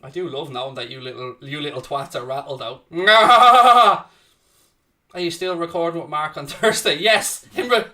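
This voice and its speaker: A man's voice: fairly high pitch, a little fast, hardly any pauses, sharp tone, recorded from a distance. A man hosting a live football watchalong, swearing, cheering his team on and winding up rival fans. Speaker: host of a football fan watchalong. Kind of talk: live reactive match commentary, casual banter.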